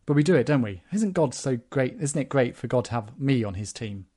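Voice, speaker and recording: A man's voice: mid-range voice, animated, a little fast, mellow, breathy edge. A man preaching a sermon, explaining scripture with rhetorical questions.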